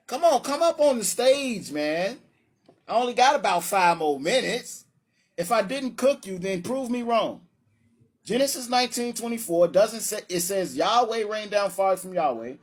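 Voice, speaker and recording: A man hosting a live-streamed religious debate, brash and taunting, calling challengers up and laughing at his own points. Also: sits high. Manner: brash and taunting, calls people up.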